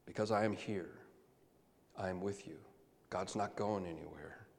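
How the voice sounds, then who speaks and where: A man preaching a sermon, moving between soft, hushed lines and loud, emphatic calls. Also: low voice, fairly even intonation, moderate pace, creaky. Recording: long hall reverb.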